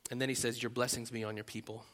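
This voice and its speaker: A man preaching a sermon as pastor, animated, acting out loud rising prayers and often restarting his phrases. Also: medium pitch, fast, long reverb tail.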